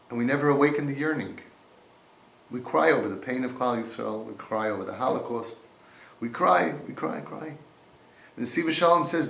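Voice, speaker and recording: A man's voice: a little high, fairly bright tone. A man giving an impassioned Torah talk, quoting Hebrew sources and explaining them. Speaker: Torah teacher. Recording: roomy echo.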